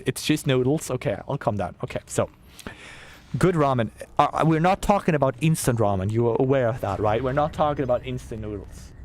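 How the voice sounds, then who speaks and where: A young man, chatting casually and ranting excitedly to his chat while streaming a game, swearing freely. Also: mid-range voice.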